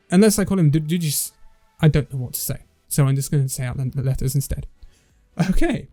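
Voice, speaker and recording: Man in a casual roundup host role, pitched a bit high, chatty, stumbles on names, faint music underneath. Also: a little mellow. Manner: stumbles over player names, chatty asides. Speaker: esports news host.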